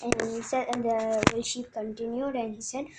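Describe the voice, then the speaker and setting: Fast-talking woman retelling a book. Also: fairly high pitch, little pitch movement, noisy background. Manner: mixes English and Tamil, hesitant with many restarts. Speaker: vlogger.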